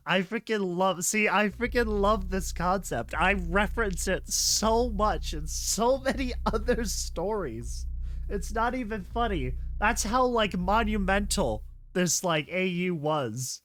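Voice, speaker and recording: A man reacting to a horror comic slideshow, excitable, with frequent gasps and mild swearing. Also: sits high, takes it slowly. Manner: excitable, swears mildly, laughs and gasps often. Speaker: online reaction host.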